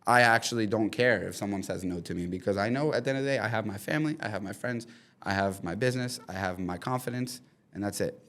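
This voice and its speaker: A young man in his twenties chats as a podcast guest, his voice sitting a little low. He tells stories in an animated, rambling way, packed with fillers and restarts. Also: quick pace. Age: 20s. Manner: animated storytelling with many fillers. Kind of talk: casual chat. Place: studio in the city.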